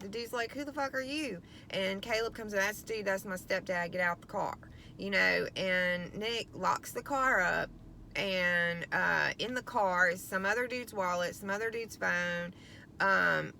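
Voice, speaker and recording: A woman's voice: medium pitch, vocal fry, bright, forceful tone, a little hiss or hum. A middle-aged woman venting to camera about her teenage son, frustrated, swearing often and rambling with lots of ums. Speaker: vlogger, parent of a teenager.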